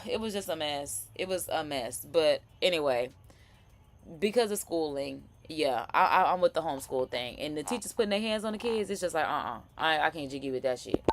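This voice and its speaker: Chatty rambling woman host, lowish voice. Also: expressive, moderate pace, slight background noise. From Florida. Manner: chatty, rambling, laughing asides. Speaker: live chat host. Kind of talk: casual commentary.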